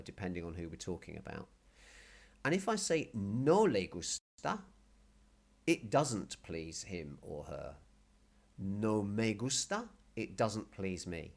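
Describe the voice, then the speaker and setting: Male Spanish tutor, low voice, slow and very animated delivery, patient and repetitive. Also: gravelly. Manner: patient, explains slowly and repeats words. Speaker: Spanish teacher. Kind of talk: casual video language lesson.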